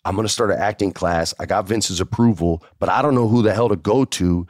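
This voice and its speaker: A man telling a casual anecdote in an animated way, often adding "like" and "right?". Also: on the low side, fairly quick, no echo, clean studio sound.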